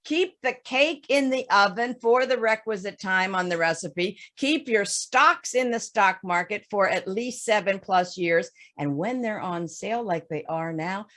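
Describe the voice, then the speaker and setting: A woman financial advisor giving a webinar talk, explaining investing with lively stories and everyday examples. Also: mid-range voice, measured pace, hardly any pauses. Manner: animated storytelling with folksy examples.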